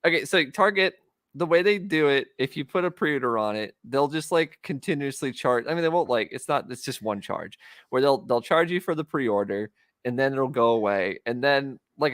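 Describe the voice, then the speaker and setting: Lively joking young man with a dry close voice. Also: a little high, dry recording. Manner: joking, rambling, slips into comic voices. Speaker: podcast co-host. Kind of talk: casual chat about toys.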